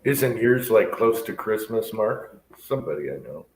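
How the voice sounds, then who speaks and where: A man's voice: on the low side, sing-song, normal speed. A man hosting a live chat, talking casually and rambling with lots of yeahs. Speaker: livestream host. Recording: echoey room with faint background noise.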